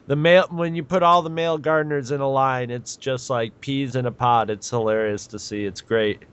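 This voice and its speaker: A man co-hosting a podcast, talking in a rambling, halting way with many restarts. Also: medium pitch, steady tone, fairly bright tone, smooth. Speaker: podcast co-host. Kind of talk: casual chat.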